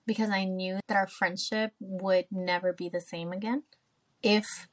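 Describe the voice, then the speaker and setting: A woman's voice: mid-range voice, fairly even intonation, a little slow. A woman hosting a podcast, telling a personal story in casual chat. She speaks candidly, swears freely and acts out her own past remarks. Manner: candid, swears freely, tells stories with quoted asides. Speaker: podcast host.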